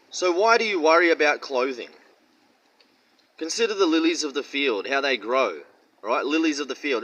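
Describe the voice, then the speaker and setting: A man's voice: medium pitch, pushed and bright, poor audio. A man giving casual Bible teaching in a blunt, profane, mocking way and rambling slang. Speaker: street-style preacher.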